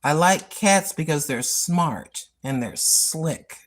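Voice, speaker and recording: Speaking low and slow but with plenty of expression, an older woman vlogs about cooking and lifestyle, with slight background noise. She rambles chattily, repeats herself, and laughs at her own asides in a casual monologue.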